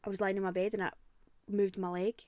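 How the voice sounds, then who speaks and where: A young Scottish woman co-hosting a podcast, telling ghost stories in a lively, swearing, animated way. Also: mid-range voice, a little fast. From Scotland. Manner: animated storyteller, swears freely, acts out voices. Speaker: podcast co-host. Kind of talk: casual chat, storytelling.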